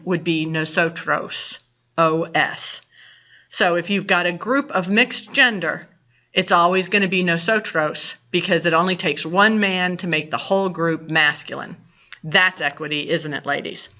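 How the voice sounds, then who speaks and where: A woman with a Southern American accent teaches Spanish grammar in an unhurried, deliberate lecture. Her voice is bright and slightly low-pitched, and she explains patiently, circling back with reminders. The recording sounds a bit dull and lo-fi.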